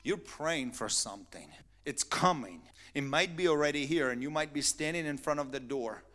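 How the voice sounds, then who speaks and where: A man preaching a sermon as pastor, animated and emphatic, repeating phrases to drive his points home. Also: on the high side, normal speed.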